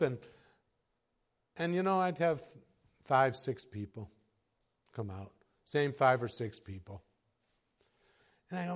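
A man preaching a sermon as pastor, telling folksy stories with chuckles and moving from quiet asides to raised exhortation. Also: medium pitch, very animated, slow pace, long pauses.

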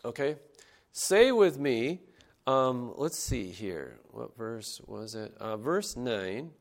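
A man preaching a sermon, his voice at a middle pitch. He reads the old scripture aloud and then talks easily with his congregation, getting them to repeat words back to him. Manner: engages congregation, leads call-and-response; reads scripture in King James English, then preaches conversationally. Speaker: pastor.

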